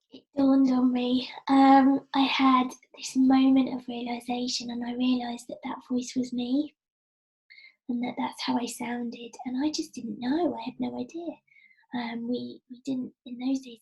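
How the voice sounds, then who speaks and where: A middle-aged woman giving a personal storytelling talk, soft-spoken, often dropping to a breathy near-whisper, with frequent ums. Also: high-pitched, poor audio. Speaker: speaker giving an inspirational talk.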